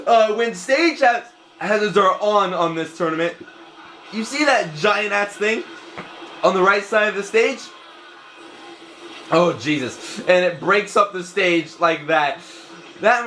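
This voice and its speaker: Excitable, slightly high-voiced male game commentator. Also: slight background noise. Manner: excitable, bursts into loud exclamations. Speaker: tournament commentator. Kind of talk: video game play-by-play commentary.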